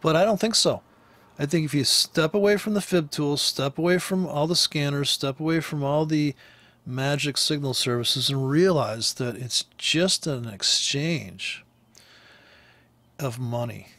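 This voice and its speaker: A man from the United States talks through a trading chart in a loose, rambling rant. His voice sits fairly high and sounds close and dry. He swears freely and laughs often as he goes. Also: unhurried, a bit bright, dry recording. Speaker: forex trader and trading teacher. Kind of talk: casual profane rant over a live chart.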